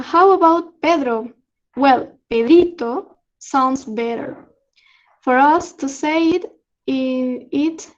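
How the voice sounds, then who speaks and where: Halting Peruvian woman, slow and high. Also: highs cut off. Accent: Peruvian Spanish. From Peru. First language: Spanish. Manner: halting, many fillers, laughs often. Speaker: student exchange presenter. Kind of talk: online slang lesson. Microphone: video call.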